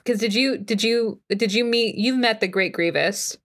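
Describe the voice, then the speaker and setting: A woman's voice: fairly high pitch, moderate pace, fairly bright tone. A woman running a tabletop game as game master, chatty and giggly, with many fillers.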